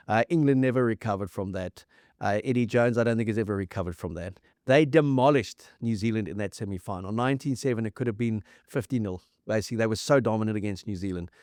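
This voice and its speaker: A man's voice: on the low side, a little fast, darkish tone, no room sound, clean studio sound. A South African man co-hosting a rugby podcast, talking casually and enthusiastically, piling up match stats with frequent restarts. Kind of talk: casual sports chat.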